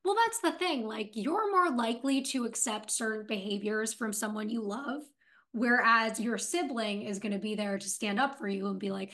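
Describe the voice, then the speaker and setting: Higher-voiced woman retelling a scene. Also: normal speed. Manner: lively retelling, paraphrases dialogue with "he's like". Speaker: podcast co-host. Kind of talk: casual TV episode recap chat.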